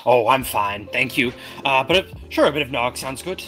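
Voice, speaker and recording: A man playing a tabletop game, hesitant and halting. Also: medium pitch, lively intonation, pushed and bright, soft background music. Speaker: player. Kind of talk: casual tabletop play.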